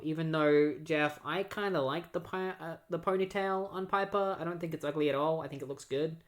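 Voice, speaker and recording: A podcast host giving a casual, rambling recap of a comic book run, full of fillers and quick quoted voices. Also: mid-range voice.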